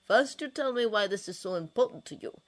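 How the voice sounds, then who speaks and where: A woman reading a fanfiction story, voicing a smooth-talking older male ruler who is patient and condescending. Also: mid-range voice, lively intonation, brisk, voice pushed up, lightly acted. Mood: evasive.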